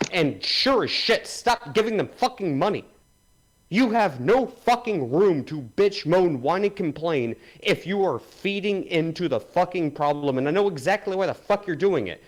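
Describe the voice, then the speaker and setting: Man, higher-pitched voice, swearing rant, angry, livestream co-host. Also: animated, moderate pace, rough recording. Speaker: podcast co-host.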